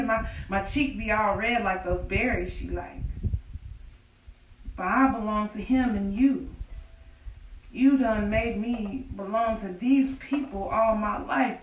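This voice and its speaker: An actress playing an enslaved widow from the old South, speaking a folksy, confiding prayer to God in a theatrical monologue, recorded outdoors on a farm. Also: female voice, mid-range voice, highs cut off, a little hiss or hum, close to an everyday voice. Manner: folksy, confiding, breaks into rueful laughter. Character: grieving enslaved widow, earthy, wry, defiant. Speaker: stage actor in a historical monologue. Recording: distant, echoey outdoor stage recording.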